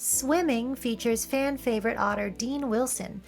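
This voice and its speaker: A woman with a Californian Valley Girl accent talks casually over film clips, playful and wry. Her voice sits high. A little music plays softly underneath. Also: unhurried, vocal fry. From San Francisco area, California. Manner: playful, wry, joking asides. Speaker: video essay host.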